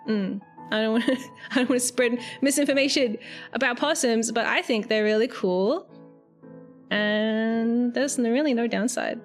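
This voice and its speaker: A young woman with an Australian accent talks casually to her stream, rambling from one thought to the next with giggles and the odd curse. Her voice sits a little high. Soft music plays quietly behind her. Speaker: VTuber streamer. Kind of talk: casual live-stream chat.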